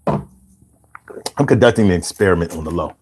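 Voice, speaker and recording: A man's voice: low-pitched, moderate pace, a little mellow, husky. A man hosting a livestream podcast, chatting casually and reading viewer comments with loose, profane banter.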